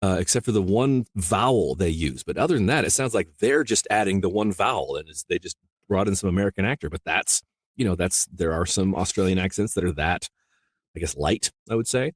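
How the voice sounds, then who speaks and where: A man from rural Iowa, an audiobook narrator, chatting as a guest in a casual interview, rambling with many restarts and quick laughs. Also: sits low, animated, dry recording, studio quality. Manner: rambling, full of "you know" and restarts, laughs easily.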